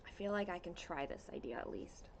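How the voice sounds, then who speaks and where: A woman hosting a casual cross-stitch livestream at home, chatting with viewers and reading out their comments in an unhurried way with plenty of fillers. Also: on the low side, big pitch swings, vocal fry, background noise.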